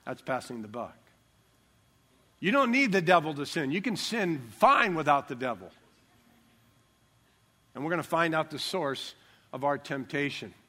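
Older man, pastor, sermon, emphatic, wry humor, raised pitch. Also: fairly bright tone. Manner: emphatic, joking preacher who stresses key words.

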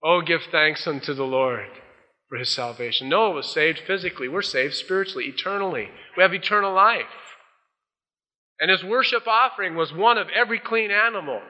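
A man's voice: high voice, animated, a little fast, pushed and bright. A male pastor preaching a folksy sermon, acting out the voices he quotes. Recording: dull old sermon tape in a large hall.

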